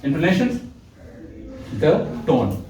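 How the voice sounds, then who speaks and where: A man's voice: fairly high pitch, huge pitch swings, takes it slowly, mellow. Male classroom teacher, demonstrative delivery, distant echoey recording with faint background hum. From Pakistan. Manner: demonstrative, acts out example tones, asks class questions. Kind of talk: classroom lecture.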